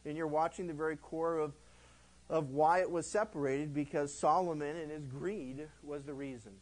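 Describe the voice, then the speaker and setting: A male pastor teaching verse by verse through a Bible book in a conversational, animated way, acting out the quotes he tells. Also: on the high side, normal speed, low-quality recording.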